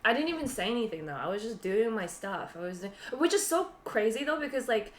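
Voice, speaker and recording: A woman's voice: a little high, quick pace, a little hiss or hum. A woman co-hosting a podcast, telling a rambling story full of fillers and laughter. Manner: rambling, animated retelling with frequent laughs and fillers. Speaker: podcast co-host. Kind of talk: casual storytelling chat. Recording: roomy echo.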